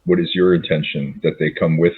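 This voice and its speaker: A man's voice: a bass voice, fairly even intonation, a little fast, a crowd in the background. A man as a player in a tabletop role-playing game, asking unsure questions over a tinny call line.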